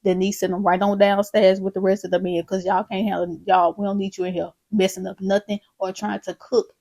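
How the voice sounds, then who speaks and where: A woman hosting a casual recap, retelling a sitcom episode and acting out the characters' lines in an animated way. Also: mid-range voice, brisk, no echo. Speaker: recap video host.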